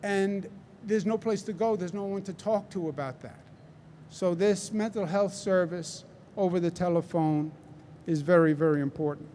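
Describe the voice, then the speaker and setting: A man with a Queens New York accent giving a press briefing as a government official, speaking deliberately and emphatically with rhetorical check-ins. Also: high voice, mellow, slight background noise. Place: large indoor site with construction behind him.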